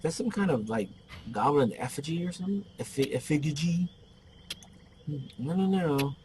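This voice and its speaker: A man's voice: a little high, expressive, moderate pace, a little mellow, a little hiss or hum, low-quality recording. A man giving casual gameplay commentary, rambling off into joking stories as he plays.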